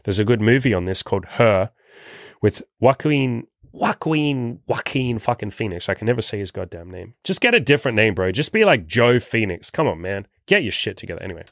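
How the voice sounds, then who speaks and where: Blunt profane young man, urgent motivational talk, lowish pitch, dry recording. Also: expressive, quick pace, fairly bright tone, no room sound. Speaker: self-improvement coach. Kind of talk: motivational monologue.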